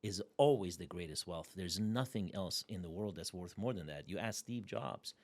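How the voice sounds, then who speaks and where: A man's voice: deep voice, moderate pace. A man hosting an interview, speaking emphatically in a motivational way and often asking "right?". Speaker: podcast host. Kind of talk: casual interview talk.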